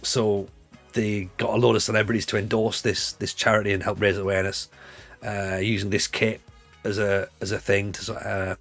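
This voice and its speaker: A man in his forties with a Northeast English accent chats loosely on his livestream, drifting from thought to thought with easy laughs. His voice sits on the low side. Faint music plays in the background. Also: level tone, normal speed, vocal fry, fairly bright tone. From Northeast England. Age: 40s. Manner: rambling, chatty, laughs easily. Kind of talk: casual chat on a livestream.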